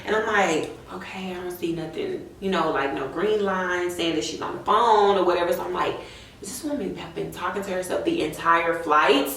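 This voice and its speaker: A young woman telling a story in casual, animated chat while she does her makeup. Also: fairly low pitch, normal speed. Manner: animated, chatty, says "y'all" often. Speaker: beauty vlogger. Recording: echoey room, voice a bit distant from the mic.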